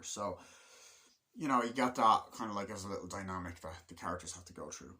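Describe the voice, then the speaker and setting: Male vlogger, fairly low voice with a bright, forceful edge; casual, profane, rambling movie review. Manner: rambling and excitable, swears often, many fillers like "like"; acts out movie lines in quick put-on voices. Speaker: film reviewer.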